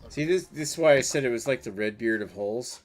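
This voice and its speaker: A man's voice: mid-range voice, animated, fast talker. A man in his thirties hosting a casual game stream with friends, crude and laughing often. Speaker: stream host. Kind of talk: casual chat while gaming.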